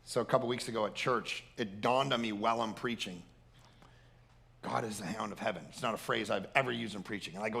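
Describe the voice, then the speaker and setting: A male pastor preaching with a gravelly, bright voice. He tells stories in an animated way and prays in a quiet, earnest one. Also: fairly low pitch, fairly quick. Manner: animated storytelling, turning to a quiet prayer. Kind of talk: sermon.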